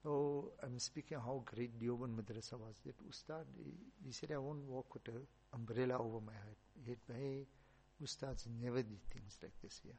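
A man, a religious teacher, giving a storytelling sermon with emphatic rises and soft asides. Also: mid-range voice, steady tone, normal speed, slightly rough.

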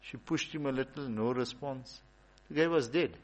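A man gives a casual religious talk in a husky, slightly breathy voice. He speaks conversationally, slipping into stories and stacking up repeated lines to drive a point home. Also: medium pitch, moderate pace, rough recording. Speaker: religious teacher. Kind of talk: informal Islamic talk.

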